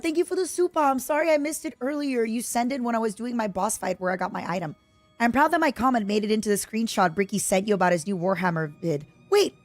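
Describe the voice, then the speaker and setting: A young woman with an Eastern European accent streams a game live, reacting excitably and chatting with viewers. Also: on the high side, no room sound. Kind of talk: live gaming stream chat.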